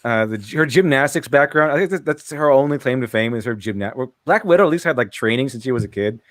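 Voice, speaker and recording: A man's voice: mid-range voice, expressive, fast, a bit bright, no echo, clean studio sound. A man chatting on a stream, rambling, stumbling over his words and laughing often. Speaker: stream co-host. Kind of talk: casual chat.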